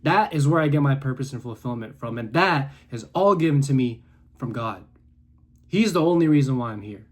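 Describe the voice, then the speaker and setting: A young man in his twenties delivers a fervent, preachy talk straight to camera from his room. His voice sits at a middle pitch and swings between hushed, low moments and near-yelling bursts of conviction. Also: animated, normal speed. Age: 20s. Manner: intense, preachy, swings between quiet and loud. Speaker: content creator. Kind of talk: passionate motivational monologue.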